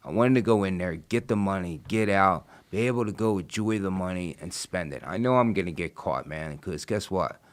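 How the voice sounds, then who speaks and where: Interview guest: middle-aged man, very low voice, blunt and swearing, rambling storyteller. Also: normal speed, hardly any pauses.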